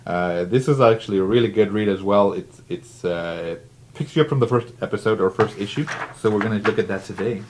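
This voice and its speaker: A man with a fairly low voice talks through a comic book page by page in a loose, chatty way. He leans on "uh" and "you know" a lot and often restarts his sentences. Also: a little fast, slight background noise. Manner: chatty, filler-heavy, restarts. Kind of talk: casual comic review.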